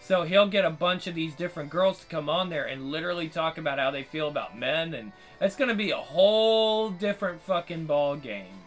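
A man's voice: fairly high pitch, lively intonation, fairly quick, hardly any pauses, a bit bright, soft background music, low-quality recording. A man hosting his channel in casual, profane commentary, rambling with frequent restarts. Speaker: channel host.

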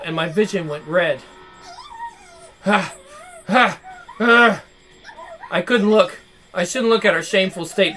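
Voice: mid-range voice, fairly bright tone. A reader narrating a horror visual novel aloud, dramatic and broken by nervous laughs.

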